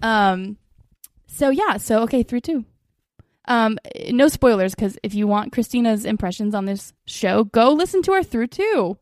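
A woman's voice: fairly high pitch, animated, unhurried, darkish tone, dry recording, studio quality. A young woman from Washington state co-hosting a podcast, chatting in a bubbly, jokey, rambling way with lots of fillers. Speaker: podcast co-host. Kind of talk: casual chat.

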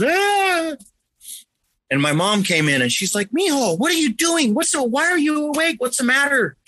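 A man's voice: lowish voice, bright, forceful tone, husky, rough recording. A man earnestly telling a personal story in a rambling, conversational way, now and then making sound effects.

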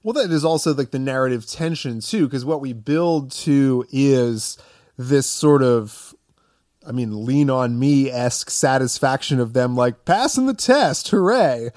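A man's voice: mid-range voice, measured pace, a little mellow, no echo. Guy chatting about a movie, lots of likes, dry close sound. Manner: conversational, lots of filler "like". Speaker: podcast co-host. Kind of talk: casual film discussion.

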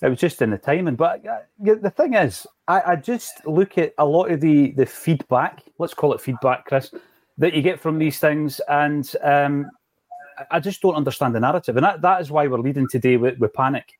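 A man's voice: fairly high pitch, moderate pace, no room sound. A man with a Scottish accent hosting a football podcast in a chatty, teasing manner. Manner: chatty, teasing, frequent wee asides. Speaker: podcast host. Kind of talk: casual chat.

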